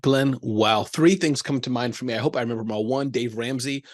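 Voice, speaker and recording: A man hosting an interview, enthusiastic and animated, responding with his own examples. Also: mid-range voice, a little fast, dry recording, clean studio sound. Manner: enthusiastic, animated, laughs often. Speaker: interview host. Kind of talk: conversational interview.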